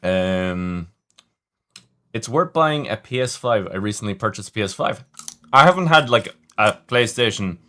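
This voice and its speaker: A man's voice: fairly low pitch, animated, a little slow, sharp tone. A man hosting a livestream, chatting casually and rambling as he reads viewer comments. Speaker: livestream host.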